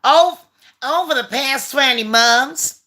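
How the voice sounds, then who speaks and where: A woman's voice: a little high, lively intonation, unhurried, sharp tone. Foul-mouthed woman ranting sarcastically. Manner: profane, sarcastic, mocking. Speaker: channel host. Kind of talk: ranting commentary on a letter.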